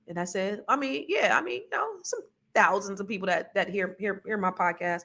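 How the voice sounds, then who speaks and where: Woman, podcast host, bright voice, casual animated monologue, storytelling asides. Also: medium pitch, normal speed, creaky.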